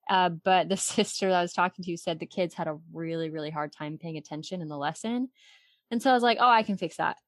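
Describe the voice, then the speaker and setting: A woman's voice: fairly low pitch, fast talker, no room sound. A woman in her twenties from Arizona, telling stories as a guest in a casual faith-based interview, chatty and often giggling. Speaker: podcast guest.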